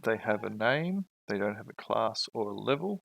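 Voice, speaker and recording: A man's voice: fairly low pitch, expressive, moderate pace, creaky, no echo, low-quality recording. A man running a tabletop game, chatting casually with wry humour. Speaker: game master. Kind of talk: casual game chat over voice call.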